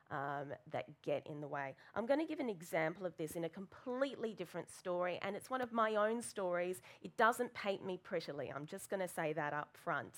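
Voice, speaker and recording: A woman gives a sermon, telling a candid and self-deprecating personal story. Her voice sits a little low, and she talks with an easy storytelling rhythm and plenty of fillers. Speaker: preacher.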